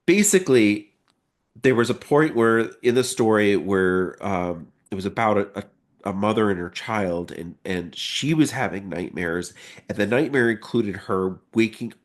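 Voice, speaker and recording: A young adult man chatting on a podcast with a fairly low voice. He talks in a relaxed, loose way, circling back on his sentences as he explains. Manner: relaxed, rambling explanations with restarts. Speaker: podcast co-host. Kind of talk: casual conversation.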